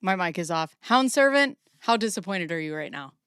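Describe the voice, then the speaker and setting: A woman's voice: on the low side, animated, normal speed, fairly bright tone, clean tone, dry recording, studio quality. A woman in her forties hosting a casual livestream, chatty and rambling, a little out of breath. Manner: rambling, chatty, self-deprecating. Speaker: streamer host.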